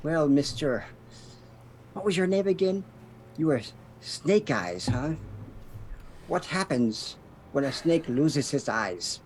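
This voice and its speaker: A man voicing a sly, smooth-talking male ship captain, pointed and quietly menacing. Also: on the high side, animated, takes it slowly, pauses often, a little hiss or hum, low-quality recording. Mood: taunting.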